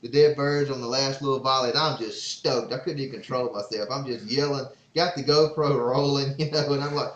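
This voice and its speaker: Excitable man, roomy sound. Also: mid-range voice, fairly quick, hardly any pauses. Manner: excitable, rambling storyteller. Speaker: podcast host and father. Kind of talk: casual podcast storytelling. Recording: roomy, slightly dull sound.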